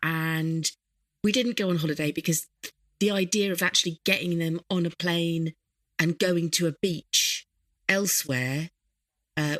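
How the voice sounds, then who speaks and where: A woman, co-hosting a podcast and chatting in a relaxed, storytelling way. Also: low-pitched, dry recording. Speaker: podcast co-host. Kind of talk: casual chat.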